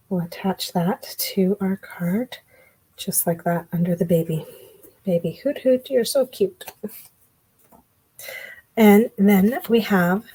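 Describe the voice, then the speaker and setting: Slow, husky woman demonstrating crafts. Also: mid-range voice, darkish tone, rough recording. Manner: chatty, thinking aloud while working. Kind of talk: relaxed card-making tutorial.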